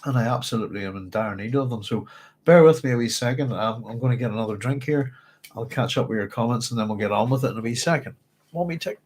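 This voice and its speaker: A man's voice: mid-range voice, quick pace, darkish tone, slight background noise, rough recording. A man hosting a livestreamed book discussion who rambles hesitantly, with many fillers, while speaking with a dry, strained throat. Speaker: book club host.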